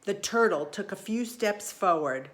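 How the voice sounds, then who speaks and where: A woman narrating a children's storybook in the first person, with expressive, lively delivery. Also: mid-range voice, unhurried. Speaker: audiobook reader.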